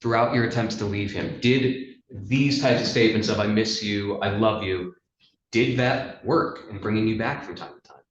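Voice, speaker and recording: A man examining a witness in court, asking measured questions and reading out text messages, heard over a video call. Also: on the low side. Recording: roomy, dull video-call audio.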